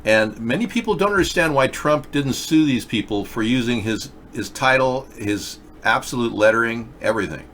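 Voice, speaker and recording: A man's voice: medium pitch, lively intonation, normal speed, few pauses, fairly bright tone, a little hiss or hum. A man hosting a casual video chat show, rambling through stories and reading viewer comments aloud. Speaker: show host.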